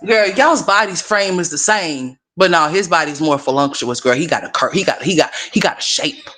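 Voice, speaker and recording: A woman's voice: low voice, normal speed, sharp tone. A woman hosting a casual gossip commentary livestream, sassy and profane, talking straight to her viewers.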